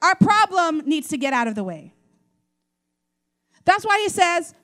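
A woman pastor preaching a sermon in an animated way, acting out quoted voices. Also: very high voice, measured pace.

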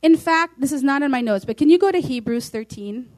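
A woman's voice: high voice, animated, brisk, a little mellow. A woman pastor preaching a sermon, emphatic and declaring, reading scripture aloud.

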